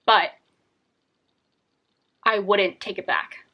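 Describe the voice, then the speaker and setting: A woman's voice: medium pitch, steady tone, extremely slow, husky, dull audio. A young woman speaks straight to her viewers in a personal vlog, telling her own story. She rambles candidly, often restarting sentences and filling gaps with small verbal fillers. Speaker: vlogger.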